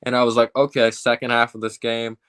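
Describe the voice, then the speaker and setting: A man's voice: medium pitch, flat delivery, a little fast, fairly bright tone, smooth. A man hosting a fan sports chat, talking casually with lots of fillers. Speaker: fan podcast host.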